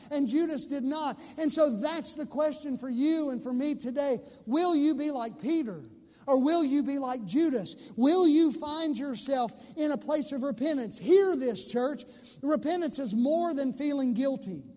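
Very high-voiced preacher in a reverberant hall. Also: male voice, darkish tone. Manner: impassioned preaching with slow emphatic phrases. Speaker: pastor. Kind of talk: sermon.

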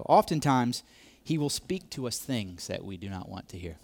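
A man's voice: medium pitch, sing-song, normal speed, slight background noise. A man preaching a sermon, repeating key phrases, swelling to emphatic peaks and dropping to near whispers. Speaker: pastor.

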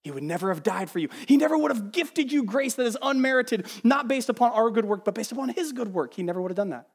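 A man preaching a sermon as pastor, animated, sometimes mimicking the voices he quotes and dropping to a hush. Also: very high voice, fast, slightly rough, long reverb tail. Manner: animated, acts out quoted voices, swings from loud to hushed. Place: church sanctuary.

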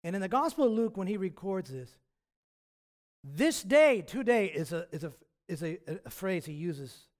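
A man's voice: high-pitched, expressive, fairly quick, few pauses, darkish tone. A male pastor preaching a sermon in a reflective, conversational way, often restarting his phrases.

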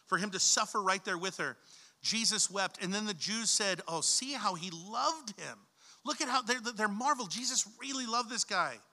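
A man's voice: high voice, sharp tone. A young man preaching a sermon, reading scripture aloud and explaining it in an informal, conversational way, calling his listeners guys.

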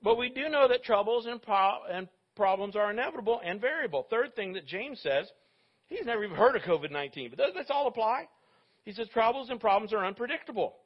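A male pastor delivers a sermon in a relaxed, conversational way, tossing jokes and questions to his congregation. His voice sits fairly high for a man. The recording is dull and muffled. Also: fast talker, husky. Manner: conversational, joking asides to the congregation.

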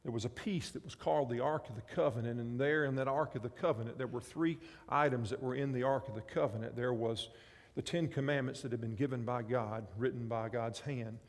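A man's voice: mid-range voice, a little fast, few pauses. Man preaching in a reverberant hall. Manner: emphatic, repetitive preaching cadence. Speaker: pastor. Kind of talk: sermon.

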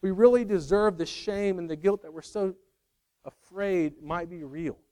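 A man preaching a sermon in an earnest way, moving between raised, emphatic lines and hushed, quiet ones. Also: sits high, unhurried. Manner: earnest, swings from loud to hushed. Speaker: pastor.

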